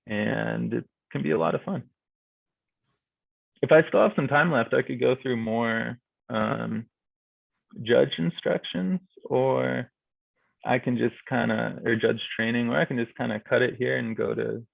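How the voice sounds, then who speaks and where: A man's voice: medium pitch, creaky, no echo. A young man casually explaining how to judge speech events to a club meeting, filling his talk with "like" and "kinda". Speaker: guest speaker on speech and debate judging. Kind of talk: informal presentation at a virtual club meeting. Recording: thin phone-like video call audio.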